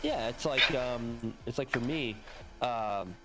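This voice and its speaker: A man's voice: mid-range voice, takes it slowly, over loud music. A man chatting as a guest on a stream, talking casually and sometimes stumbling over his words. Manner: lively, slightly self-conscious, stumbles over words. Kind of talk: casual chat on a livestream.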